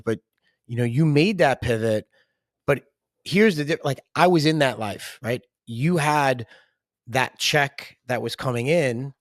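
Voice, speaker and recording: A man's voice: mid-range voice, no room sound. Brief: male podcast host, reflective and conversational, dry close recording. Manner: reflective, asks long questions. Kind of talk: podcast interview.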